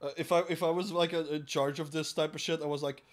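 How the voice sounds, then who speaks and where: A man's voice: fairly high pitch, flat delivery, quick pace, few pauses. Swearing, laughing male podcast host. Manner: profane, laughing, mocking quoted voices. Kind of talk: crude comedic podcast chat.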